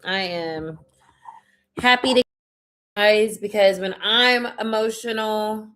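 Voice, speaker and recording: A woman reads tarot on a livestream, her voice heavy with sadness and close to tears. She talks slowly and unhurriedly, in a heartfelt way that sounds like an emotional spiritual pep talk. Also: medium pitch, fairly bright tone. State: sad, near tears. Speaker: tarot reader. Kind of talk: live-stream tarot reading.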